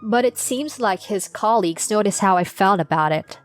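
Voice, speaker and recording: A young adult woman narrating her own story as a mother, in a plain, steady confessional tone. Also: medium pitch, moderate pace. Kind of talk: first-person storytelling. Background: faint music.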